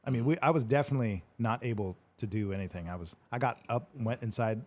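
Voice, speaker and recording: A man's voice: mid-range voice, quick pace, darkish tone. Laughing, rambling man telling a story. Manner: rambling, laughs often, swears casually. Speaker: host answering live questions. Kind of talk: casual storytelling chat.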